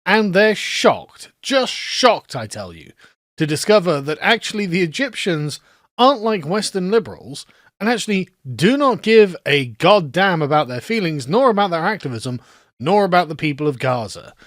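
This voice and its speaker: Male commentator, high voice, dry close sound, sarcastic mocking delivery. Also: very animated, normal speed, a bit bright, no echo. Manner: sarcastic, laughing, mimics others in voices. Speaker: commentary host.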